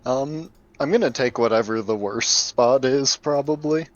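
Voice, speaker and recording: A man's voice: medium pitch, unhurried, muffled recording. A man playing a tabletop game, chatting casually about his character's actions. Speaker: player.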